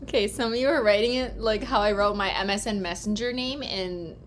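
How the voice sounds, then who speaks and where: A woman's voice: mid-range voice, a little fast. A woman hosting a casual livestream, chatting loosely, swearing often and laughing a lot. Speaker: livestream host.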